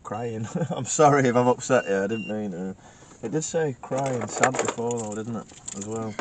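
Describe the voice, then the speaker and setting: A man's voice: medium pitch, normal speed. A man, a paranormal investigator who chats casually, jokes and laughs often while he asks the spirits direct questions. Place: inside a car at night. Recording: noisy field recording.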